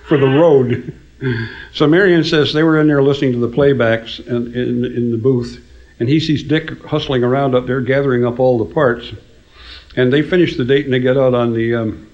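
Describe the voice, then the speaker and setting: Older male songwriter, dry raconteur, mid-pitched, slightly muffled recording. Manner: dry storyteller, laughs at his own punchlines. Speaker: songwriter telling stories. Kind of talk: casual anecdote telling. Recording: dull lo-fi recording.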